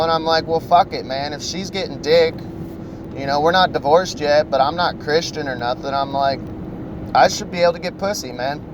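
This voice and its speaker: A man spins loose personal stories on his podcast, swearing freely and padding every thought with fillers. His voice sits a touch high for a man. Steady noise hums behind the recording. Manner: rambling, profane, full of fillers. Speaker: podcast host. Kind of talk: casual storytelling.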